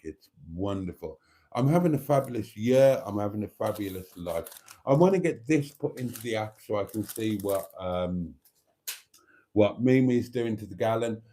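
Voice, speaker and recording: A man's voice: on the low side, dark tone. A middle-aged man, chatting camply as he hosts a late-night live stream and reads out viewer comments.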